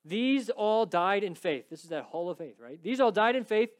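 A man's voice: sits high, expressive, normal speed. A man preaching an expository sermon, emphatic and rising to pleading intensity when quoting scripture, often checking in with "right?". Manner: frequent "right?" checks with the congregation. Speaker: pastor.

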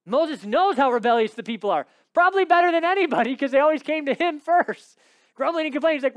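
Guy preaching a sermon, goes way up on the big points then drops low, dry close sound. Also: fairly quick, no room sound. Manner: animated, rises high when stressing a point, then drops low and quiet.

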